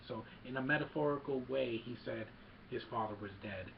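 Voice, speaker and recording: Excited rambling man, dull lo-fi sound. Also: medium pitch, brisk, gravelly, a little hiss or hum. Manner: excited, rambling with many fillers. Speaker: movie reviewer. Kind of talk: casual movie recap.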